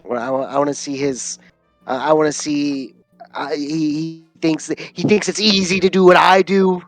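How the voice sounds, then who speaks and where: A man's voice: fairly high pitch, steady tone, normal speed, faint music behind. A man playing a tabletop game, wry and teasing. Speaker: player. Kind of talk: casual tabletop play.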